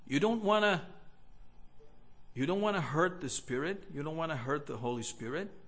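A man preaching a sermon in an earnest, measured way, with pauses between phrases. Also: fairly high pitch, fairly bright tone.

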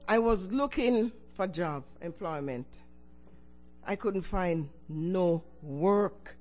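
An older woman giving a personal testimony to her church, telling it with lively swings in pitch and loudness and chuckles between phrases. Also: slow, soft background music. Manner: animated storytelling with sudden swings in pitch and loudness.

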